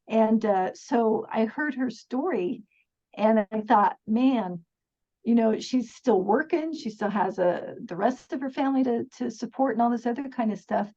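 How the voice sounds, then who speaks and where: Chatty middle-aged woman with a husky voice. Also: on the high side, a little slow, dark tone. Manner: chatty, earnest, laughs often, many restarts. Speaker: podcast guest. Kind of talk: casual storytelling interview. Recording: dull lo-fi sound.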